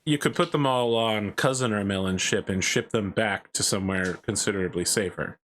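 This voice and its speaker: A man's voice: on the low side, a bit bright, a little hiss or hum. A man playing a tabletop role-playing game, joking around in casual table banter. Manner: joking, quick asides. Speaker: player.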